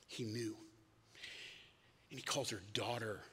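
Husky man preaching in an echoing hall. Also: medium pitch, normal speed. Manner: lively, casual, plays out quoted lines. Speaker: pastor. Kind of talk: conversational sermon. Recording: long hall reverb.

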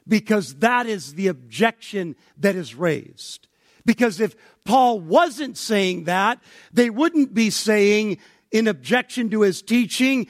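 A male pastor preaching a sermon, building to emphatic near-shouts when he voices objections. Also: high voice, expressive, slow pace, no echo, clean studio sound.

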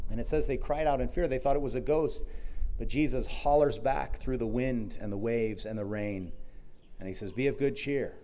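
Male preacher, warm and mellow, conversational storytelling sermon. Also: medium pitch. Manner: storytelling, quietly voicing Jesus' words. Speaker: pastor.

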